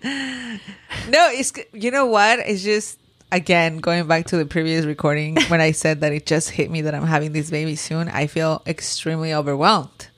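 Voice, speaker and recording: A woman's voice: low voice, steady tone, normal speed, a bit bright, dry recording. A woman co-hosting a podcast in casual chat, talking openly and emotionally with frequent laughs, recorded in a studio booth. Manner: open, emotional, laughs often. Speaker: podcast co-host.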